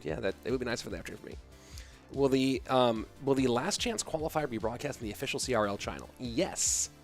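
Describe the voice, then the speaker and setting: A tired man in his thirties casting an esports match on a live stream, chatting casually and reading viewer comments aloud between plays. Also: medium pitch. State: sleepy. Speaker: esports caster.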